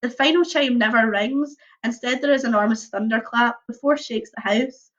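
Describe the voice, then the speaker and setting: A young woman reading a choose-your-own-adventure book aloud on a livestream, mixing lively narration with casual chatty asides. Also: fairly high pitch, normal speed. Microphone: computer or phone mic on a video stream. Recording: dull lo-fi livestream audio.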